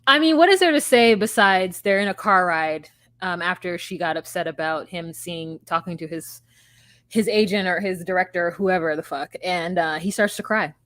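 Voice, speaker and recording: A woman's voice: lowish voice, normal speed, fairly bright tone, no echo. Blunt, swearing woman podcast co-host. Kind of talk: casual chat.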